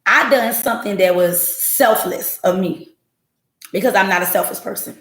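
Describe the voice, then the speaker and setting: With a medium pitch, moderate pace and fairly bright tone, she sounds reverberant through her home livestream setup. She's hosting a podcast, speaking straight to her chat and telling her story bluntly, curses and all.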